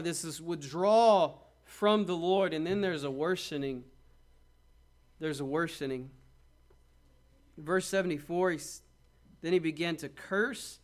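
High-voiced preacher man. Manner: preaching with dramatic quoted asides and rhetorical questions. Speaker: pastor. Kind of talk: sermon.

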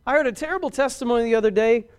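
A man preaching a sermon as a pastor, folksy and rising louder on key points. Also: very high voice, racing, clean tone.

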